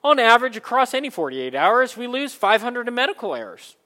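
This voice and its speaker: Preacher guy, high bright voice, lively, does little voices for the characters. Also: long reverb tail. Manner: animated, acts out Bible characters in quick asides. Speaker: pastor. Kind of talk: sermon.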